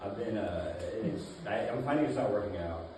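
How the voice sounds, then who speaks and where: A man performing a deadpan stand-up set in a comedy club, halting with many fillers. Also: lowish voice, noisy background. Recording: roomy club sound from a distance, audience laughter. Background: audience laughing.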